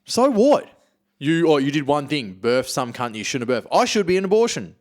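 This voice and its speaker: A man holding forth in a loose podcast conversation, swearing freely and arguing his point with a pitch that jumps all over the place. His delivery is blunt and rowdy, more rant than discussion. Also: fairly quick. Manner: blunt, heavily profane, animated ranting. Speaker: podcast co-talker. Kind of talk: casual podcast chat.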